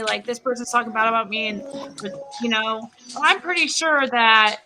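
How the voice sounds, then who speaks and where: A woman's voice: fairly high pitch, pushed and bright. A woman hosting her own livestream, talking in a hesitant, stumbling way. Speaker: channel host. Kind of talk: casual livestream chat.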